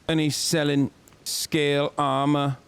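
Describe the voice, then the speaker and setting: A man's voice: on the high side, little pitch movement, slow pace, creaky, smooth. A man in his thirties casually commenting on a game he plays, swearing and talking back to his chat. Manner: laid-back, profane, talks to chat. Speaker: streamer.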